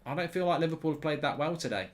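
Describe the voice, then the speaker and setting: A man's voice: on the high side, lively intonation, rapid-fire. A man hosting a live football watchalong, chatting with viewers in a rambling, conversational way. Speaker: host.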